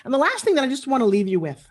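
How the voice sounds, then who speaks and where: Speaking fast in a high, sing-song voice, a middle-aged woman gives a motivational talk over a video call from her living room. Her earnest delivery moves from intimate storytelling to rallying cheers for her audience.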